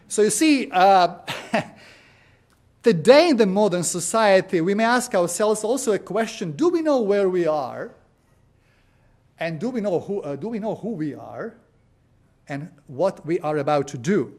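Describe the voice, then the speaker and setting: Man, high-pitched voice, sermon, storytelling, fillers. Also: expressive, a little slow, darkish tone. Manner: storytelling, frequent "uh" and "you know". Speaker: preacher. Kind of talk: sermon with anecdotes.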